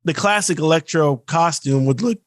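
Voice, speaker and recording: A man's voice: a little high, no echo. A man co-hosting a podcast, ranting in casual chat and slipping into mocking put-on quotes. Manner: ranting, animated, mocks actors in quick put-on quotes. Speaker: podcast co-host.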